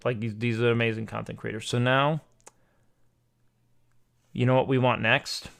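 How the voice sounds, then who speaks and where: A young man talks casually on a live stream, rambling and profane as he spins a story. His voice is gravelly with a lot of creak. His pitch sits in an ordinary middle range. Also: level tone, normal speed, a bit bright.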